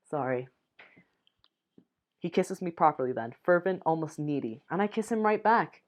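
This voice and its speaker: Young woman, lowish voice, reads a romance game aloud with soft giggly asides. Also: normal speed. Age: young adult. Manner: reads lines softly, breaks off with giggly asides. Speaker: gamer reading a dating sim aloud. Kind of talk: reading game text aloud with reactions.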